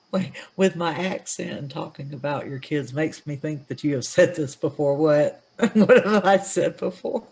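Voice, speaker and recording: A woman's voice: low voice, a little slow, a little mellow, slightly rough. A woman co-hosting a casual show, chiming in with quips and laughing often. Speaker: co-host. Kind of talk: casual chat.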